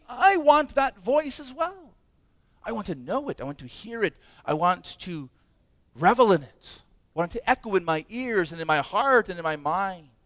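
Impassioned high-voiced preacher man. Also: fairly bright tone, dry recording. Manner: impassioned, emphatic preaching with many rhetorical questions. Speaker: pastor. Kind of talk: sermon.

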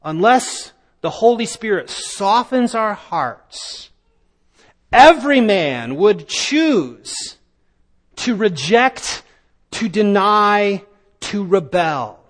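Male preacher, high pitched and unhurried, emphatic sermon delivery; long hall reverb. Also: sing-song. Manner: emphatic, rising to loud declamation.

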